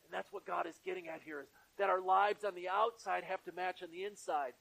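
A man with a high voice delivers a sermon in a church. His preaching is earnest and stacks up repeated phrases to drive each point home. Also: fairly quick, vocal fry, fairly bright tone, low-quality recording. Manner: earnest, repetitive preaching cadence. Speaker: pastor.

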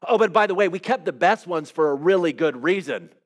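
A man's voice: high-pitched, animated, a little fast. A man voicing an ancient king who keeps justifying and backpedaling to excuse himself. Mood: defensive. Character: defensive ancient king making excuses, male.

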